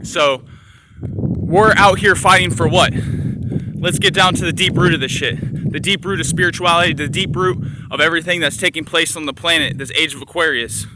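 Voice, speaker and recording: A man's voice: on the high side, normal speed, noisy background. A man ranting intensely to his phone camera outdoors in the sun, preachy and profane, hammering his points with repeated phrases. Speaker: spiritual vlogger. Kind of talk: impassioned spiritual rant to camera. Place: outdoors in sunlight.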